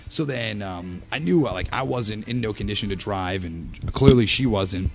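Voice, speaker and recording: A man's voice: on the low side, moderate pace, faint music behind. A man in his thirties, a podcast guest, telling a rowdy story in casual chat with lots of swearing and laughter. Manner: animated, profane, laughing storyteller.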